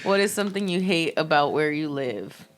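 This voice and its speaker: A woman's voice: sits low, expressive, moderate pace. A woman in casual podcast chat, teasing her friends bluntly. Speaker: podcast guest.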